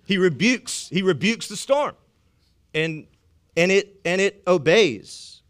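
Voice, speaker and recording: A male pastor preaching a sermon in a conversational way, swinging between loud emphatic lines and hushed ones, often repeating words as he goes. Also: high-pitched, expressive, slow. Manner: frequent stammered repeats.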